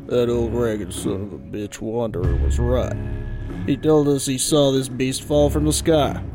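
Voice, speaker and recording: A man voicing a rough-talking gunslinger with a gurgling, phlegmy throat. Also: medium pitch, steady tone, measured pace, natural voice. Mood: stunned. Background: music.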